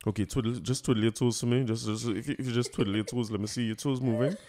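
A man with a Trinidadian accent imitating a serious doctor who speaks quietly in careful, proper English. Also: mid-range voice, fairly even intonation, fast, background noise, close to an everyday voice. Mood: calm. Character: calm serious male doctor examining a patient.

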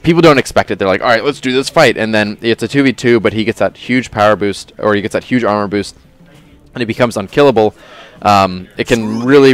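Low smooth dude explaining his build on a game stream, relaxed, lots of uh and um. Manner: relaxed, explains in detail with fillers and restarts. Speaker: game developer showing a new character. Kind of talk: casual livestream gameplay talk. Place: studio at a game company, live stream.

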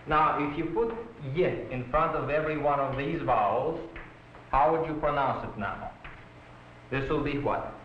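A male language professor giving a patient, deliberate pronunciation lecture to a class. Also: fairly high pitch, a little hiss or hum. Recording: muffled roomy 1960s film soundtrack.

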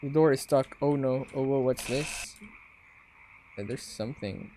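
A young woman with a Filipino accent commentating a horror game, swearing freely and breaking into loud panicked yelps. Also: a bass voice, lively intonation, slow, pauses often, slight background noise. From Philippines. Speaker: gaming YouTuber.

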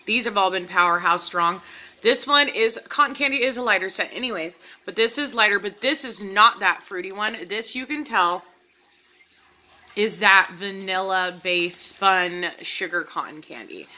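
A woman with a very bright, ringing voice talks casually to her viewers as she reviews candles. She is eager and chatty, and she keeps checking in with her audience. Her pitch sits in the middle for a woman. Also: moderate pace, low-quality recording. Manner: chatty, enthusiastic, addresses viewers as "you guys". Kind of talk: casual product review vlog.

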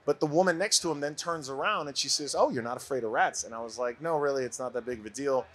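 A man in his forties from Brooklyn, a podcast guest telling a story in a casual, animated way and laughing often. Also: mid-range voice, quick pace. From Brooklyn, USA.

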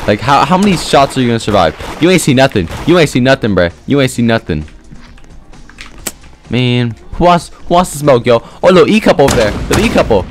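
A young man giving slangy, swearing commentary over his own gameplay, with sudden excited yelps. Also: mid-range voice, fairly quick, over music. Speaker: gaming video creator.

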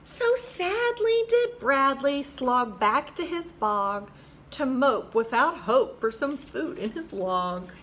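A woman hosting a children's program and reading a rhyming picture book aloud with an expressive, rhythmic delivery. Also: sits high, slow, a little hiss or hum. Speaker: children's storyteller host.

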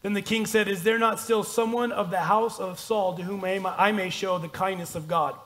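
A man's voice: high-pitched, steady tone, moderate pace, a bit bright. A man pastor preaching a conversational, self-deprecating sermon and reading scripture aloud in a church. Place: church sanctuary.

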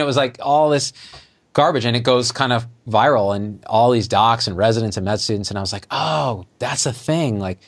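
Middle-aged doctor guy telling a story, acts out every quote, voice jumps up high for the punchlines. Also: moderate pace. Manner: animated, acts out quoted dialogue with jumps in pitch. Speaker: physician guest. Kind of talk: conversational storytelling.

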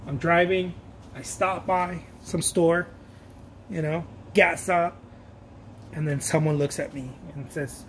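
A man's voice: a little high, steady tone, slow pace, pauses often, fairly bright tone, slight background noise. A man talking casually while he paints, rambling, joking about himself and laughing often. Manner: self-mocking and playful. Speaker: painter hosting his own art channel.

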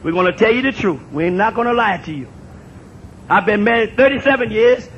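An older man in his sixties addresses an audience in a strikingly high voice. He talks emphatically, repeats his phrases and rises to shouts. The recording is dull and lo-fi, with a faint rumble underneath. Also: animated, brisk. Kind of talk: impassioned public talk.

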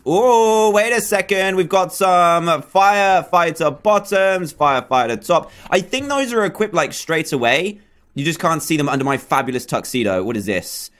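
Man, excitable gaming commentary, bit high-pitched, very lively pitch. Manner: excitable, yelps and shrieks at threats. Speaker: gaming YouTuber. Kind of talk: let's play commentary.

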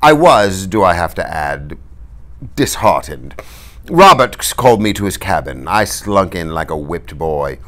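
Man, reader, low-pitched, animated delivery, novel read aloud. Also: measured pace. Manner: expressive, lively storytelling.

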